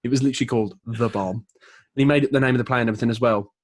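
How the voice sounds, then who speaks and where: A man's voice: mid-range voice, fairly even intonation, very fast, dry recording. A man co-hosting a podcast, telling stories casually and laughing easily. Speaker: podcast co-host. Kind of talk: casual chat.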